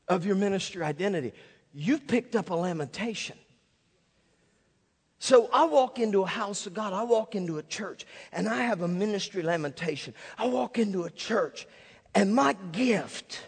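A pastor preaching a sermon in a church, telling a story with lively, imitated sound effects. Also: male voice, high-pitched, breathy edge. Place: church sanctuary. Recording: long hall reverb.

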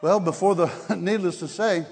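A man preaching as an evangelist at a church service, energetic and laughing often, swinging between shouts and hushed tones. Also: high-pitched, normal speed, slightly rough. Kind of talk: revival sermon. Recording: long hall reverb.

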